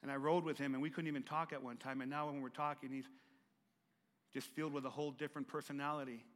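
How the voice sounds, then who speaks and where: A middle-aged man pastor preaching a sermon, stuttering and repeating words, swinging from hushed tones to loud, emphatic passages. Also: mid-range voice, steady tone, fast, big-room sound.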